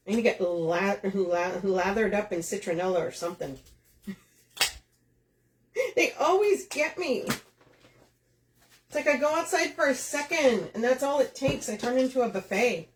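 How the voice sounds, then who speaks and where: A woman's voice: mid-range voice, animated, slow, pauses often. A chatty woman, hosting a live craft demo, talking to viewers by name and laughing often. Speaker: craft shop host. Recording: echoey room.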